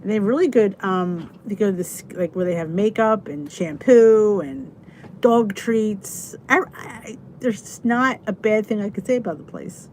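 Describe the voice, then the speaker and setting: A woman hosting a casual live stream, chatting in a rambling, easygoing way and breaking off to greet her viewers. Her voice sits at an ordinary middle pitch. A faint hum of noise is heard behind her. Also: normal speed, a little mellow. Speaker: host of a live stream chat.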